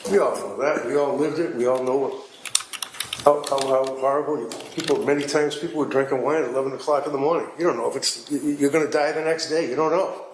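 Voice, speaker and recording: A man's voice: medium pitch, fast, echoey room, a little hiss or hum, poor audio. A man giving a defense closing argument to a jury, speaking emphatically and repeating himself for effect. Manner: emphatic, repetitive, conversational courtroom oratory. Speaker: defense attorney. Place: courtroom.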